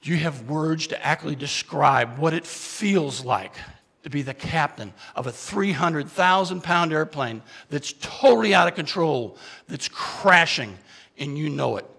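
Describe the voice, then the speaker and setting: In a large hall, a keynote speaker with a somewhat high, gravelly, husky voice tells an animated, dramatic story at a measured pace. He questions the audience and alternates between urgent, loud outbursts and quiet confessions.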